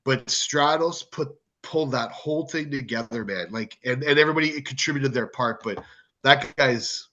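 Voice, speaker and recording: A Canadian man speaking as a guest in a casual podcast interview. His voice is bright and forceful, and he tells his stories with animated repetition. The recording sounds a little muffled and lo-fi. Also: mid-range voice, normal speed. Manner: animated storyteller, repeats words for emphasis. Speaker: wrestling promotion owner, guest. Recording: slightly muffled, lo-fi audio.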